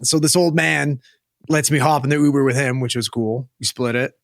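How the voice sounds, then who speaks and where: A man's voice: medium pitch, fairly even intonation, moderate pace, vocal fry, no echo. A young man from Western Canada, co-hosting a podcast and telling a rambling, sweary story in a casual chat, on a close mic. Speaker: podcast co-host.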